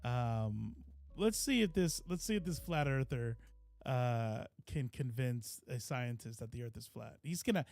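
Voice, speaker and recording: A man's voice: fairly high pitch, darkish tone, no room sound, studio quality. A man streaming live, casually reacting to a video with mocking, profane commentary. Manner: mocking, swears, laughs at what he watches.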